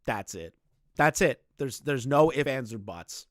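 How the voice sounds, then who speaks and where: A man's voice: medium pitch, animated, moderate pace, darkish tone, dry recording, studio quality. A young man streaming live, ranting bluntly with lots of swearing and repeated phrases.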